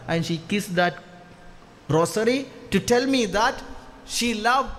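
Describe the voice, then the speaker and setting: A male priest giving a storytelling sermon, repeating key phrases and swinging from hushed to loud as he leads the congregation in call-and-response. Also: high-pitched, lively intonation, takes it slowly.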